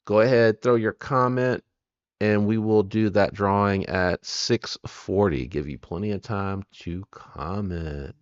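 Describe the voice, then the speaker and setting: A man's voice: on the low side, unhurried, dry recording, dull audio. A man hosting a live stream, chatting casually and rambling as he greets viewers by name.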